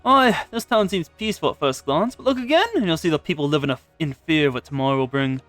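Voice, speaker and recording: A man voicing a gruff male tavern owner in a video game, with a rough sailor's brogue that keeps slipping. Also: a little high, animated, quick pace, a bit bright, no room sound, faint music behind. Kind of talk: reading game dialogue aloud.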